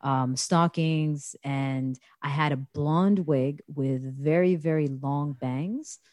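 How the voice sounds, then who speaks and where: A woman's voice: deep voice, slow pace, dry recording. A woman from the United States telling a funny party story in casual chat, laughing and acting out the people she quotes. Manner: animated, laughing, acts out quoted voices.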